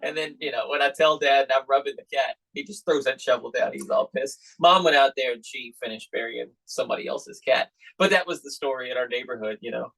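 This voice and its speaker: A man's voice: medium pitch, fairly quick, vocal fry, hardly any pauses, poor audio. A middle-aged man hosting a podcast, telling stories in casual chat and acting out the people he quotes. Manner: animated storyteller acting out quoted voices. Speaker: podcast host, magician.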